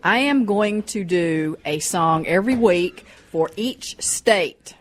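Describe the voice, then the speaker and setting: A woman's voice: lowish voice, animated, slow pace, slight background noise. A woman with a Midwest American accent co-hosting a casual radio show in a station studio, giggly and enthusiastic.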